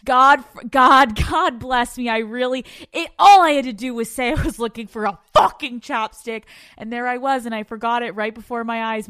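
Brash, higher-voiced woman podcast host. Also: a bit bright, smooth, no echo, studio quality. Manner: frank and profane, laughs often. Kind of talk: candid storytelling monologue.

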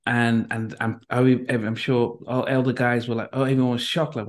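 Middle-aged host from Nigeria: reflective, gentle, flat-toned, restarts often. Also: male voice, medium pitch, normal speed. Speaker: podcast host. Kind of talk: conversational interview.

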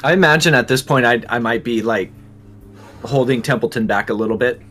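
A man playing a tabletop game, speaking quickly and hesitantly. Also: mid-range voice, a bit bright. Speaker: player. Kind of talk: casual tabletop play.

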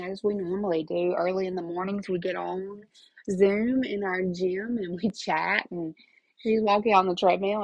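A woman's voice: mid-range voice, no echo, poor audio. A middle-aged woman, talking casually and emotionally as a podcast host, rambling from one thought to the next. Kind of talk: casual personal talk.

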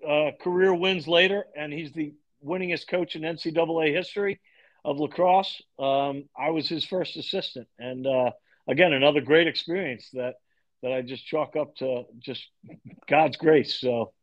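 Animated storytelling man, lo-fi sound. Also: fairly high pitch, moderate pace. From Long Island, New York. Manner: animated storyteller, acts out quoted dialogue. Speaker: podcast guest, lacrosse coach. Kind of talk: storytelling in a podcast interview.

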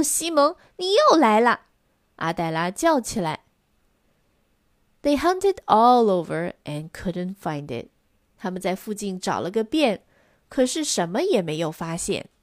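A woman reading a children's story aloud in two languages, expressive and lively. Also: mid-range voice, no room sound, clean studio sound.

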